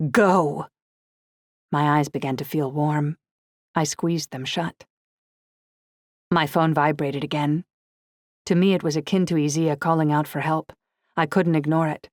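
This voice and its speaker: A woman reading a first-person audiobook in a steady, expressive way, close to the mic. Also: sits low, dry recording. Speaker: audiobook narrator.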